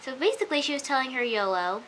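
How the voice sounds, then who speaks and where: A young woman talks through a TV episode in a casual, gushing vlog. Her voice sits fairly high and sounds bright and crisp. She leans hard on "like" and "oh my gosh," and a faint hiss runs under the recording. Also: expressive, fast, rough recording. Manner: gushing, chatty, many "like" and "oh my gosh". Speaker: vlogger.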